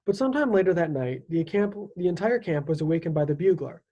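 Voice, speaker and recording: Children's book read-aloud, teacher narrator, expressive, mid-pitched voice. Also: fast talker, lo-fi sound. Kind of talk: reading a children's novel aloud.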